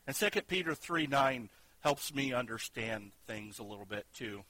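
A man preaching a sermon, earnest, moving between loud emphatic lines and quiet hushed ones. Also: mid-range voice, expressive, normal speed, no room sound, low-quality recording. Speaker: pastor.

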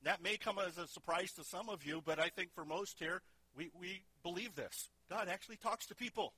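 A man's voice: high voice, fairly quick, pushed and bright, breathy edge, no echo. A middle-aged man preaching a sermon as pastor, in a conversational way that often asks the congregation questions.

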